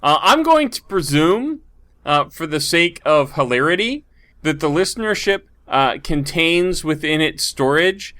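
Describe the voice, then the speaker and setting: An animated man with a bright, lively voice that swoops up and down, co-hosting a casual podcast. He spins out wordy, elaborate jokes. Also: on the high side, measured pace. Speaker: podcast co-host. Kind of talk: casual chat.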